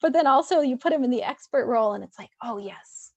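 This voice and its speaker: A woman's voice: high voice, animated, rapid-fire, no room sound. A woman therapist presenting a webinar in a loose, conversational way, with many fillers and restarts.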